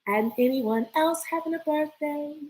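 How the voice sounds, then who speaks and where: A woman giving a casual spiritual reading to her viewers, animated and playful, laughing and breaking into bursts of speaking in tongues. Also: sits high, unhurried. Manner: playful, laughs often, talks to viewers as y'all. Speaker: spiritual reader.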